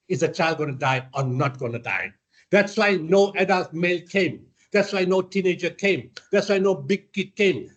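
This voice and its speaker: Hombre sudafricano, relato animado y directo. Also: male voice, fairly high pitch. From South Africa. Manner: blunt, animated storyteller acting out dialogue. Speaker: lecturer. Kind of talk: storytelling lecture.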